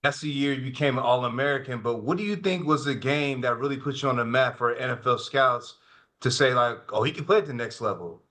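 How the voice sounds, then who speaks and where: A man conducts a sit-down TV interview. He puts his questions in an easy, conversational way. His voice is bright and forceful, pitched in a middle range. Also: a little fast.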